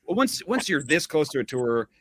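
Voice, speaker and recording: A man from Austin, Texas, a musician guest on a podcast, speaking in a halting way and often repeating words as he thinks. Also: on the high side, sing-song, a bit bright, dry recording. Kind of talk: casual chat.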